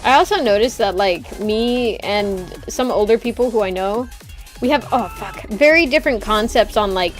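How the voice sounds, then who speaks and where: A woman's voice: medium pitch, moderate pace, soft background music. A woman streamer chatting casually while gaming, ranting with swearing and laughs.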